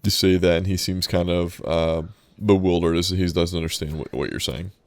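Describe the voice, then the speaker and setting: A man's voice: deep voice, steady tone, moderate pace, a little mellow, no room sound. A man narrating as game master in a tabletop game, rambling and descriptive. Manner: rambling, descriptive, many restarts.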